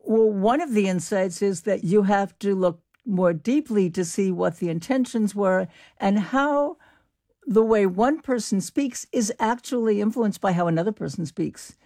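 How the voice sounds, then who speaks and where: Older woman guest with gravelly voice. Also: mid-range voice, measured pace, mellow, dry recording, studio quality. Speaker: linguist guest. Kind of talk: interview answers.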